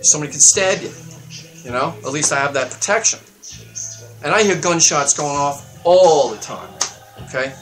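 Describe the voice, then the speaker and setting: A man hosting his own show, delivering a heated political rant that swings up into loud, high outbursts. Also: moderate pace, long pauses, faint music behind. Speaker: show host. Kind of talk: ranting political monologue.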